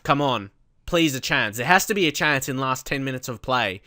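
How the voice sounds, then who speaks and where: A young man commentating his own football management game, casual and prone to loud outbursts. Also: mid-range voice, moderate pace, no room sound, clean studio sound. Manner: excitable, shouts at big moments. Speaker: gaming YouTuber. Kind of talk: let's play commentary.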